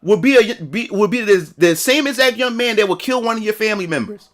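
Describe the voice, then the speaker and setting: A man's voice: sits high, animated, a little fast, fairly bright tone. A man telling a story in a casual livestream rant, profane and repetitive. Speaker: streamer.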